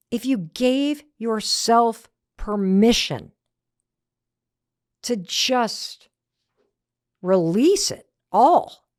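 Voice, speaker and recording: A middle-aged woman hosting a motivational podcast, telling a story with emphatic, energetic delivery. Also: on the high side, dry recording, clean studio sound. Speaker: podcast host. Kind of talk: motivational talk.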